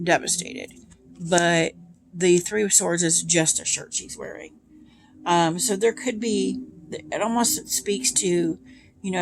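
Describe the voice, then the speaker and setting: Low raspy-edged woman, chatty tarot vlog, lots of ums. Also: background noise. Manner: chatty, many ums, speaks of feelings. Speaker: tarot reader. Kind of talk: casual chat to camera.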